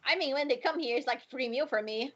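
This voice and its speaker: A woman's voice: high voice, fast talker, lo-fi sound. A woman playing a blunt crocodile-faced old hag. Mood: greedy. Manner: blunt and dismissive. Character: grumpy old crocodile-faced woman who eats humans.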